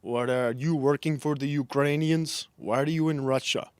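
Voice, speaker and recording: A man's voice: medium pitch, steady tone, moderate pace, a little mellow, clear, resonant tone, no room sound, lightly acted. A man playing a suspicious Russian agent. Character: stern male Russian agent interrogating a traveler.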